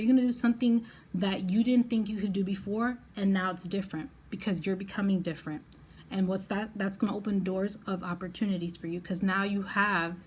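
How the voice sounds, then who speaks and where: A woman giving a pick-a-card tarot reading to the viewer in an effusive, excitable way. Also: medium pitch, slight background noise. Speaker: tarot reader.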